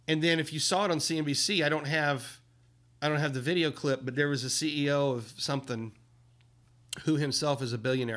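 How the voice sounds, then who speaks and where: A man hosting a livestream, talking casually with indignant, emphatic commentary that swings up and down in pitch. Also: fairly bright tone. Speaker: livestream host.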